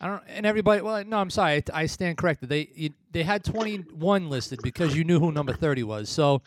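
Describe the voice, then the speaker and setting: A man's voice: fairly high pitch, animated, fast talker. A man co-hosting a casual wrestling chat, rambling and blunt, often laughing at his own remarks. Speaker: podcast co-host.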